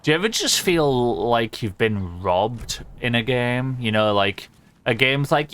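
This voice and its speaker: A young man rambles casually as he streams a game. He swears freely and laughs often, and his voice sits at an ordinary pitch for a man. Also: lively intonation, a little slow, fairly bright tone, clear, resonant tone. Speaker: livestreamer. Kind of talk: casual gaming stream chatter.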